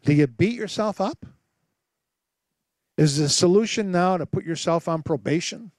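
Dry-sounding preacher man, animated delivery. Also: high-pitched, moderate pace, dry recording. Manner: animated storytelling with rhetorical questions; acts out voices and sounds in his stories. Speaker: pastor. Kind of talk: sermon.

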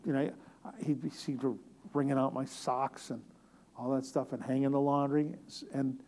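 A middle-aged man preaching a sermon as a pastor, telling stories with humor and swinging from loud, emphatic declarations to hushed near-whispers. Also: mid-range voice, level tone, normal speed. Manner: storytelling with humor.

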